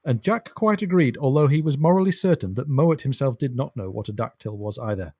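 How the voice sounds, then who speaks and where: A man's voice: medium pitch, lively intonation, fairly quick, dark tone, dry recording. A man co-hosting a podcast, chatting thoughtfully about a novel and laughing now and then. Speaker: podcast co-host. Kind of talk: casual book discussion.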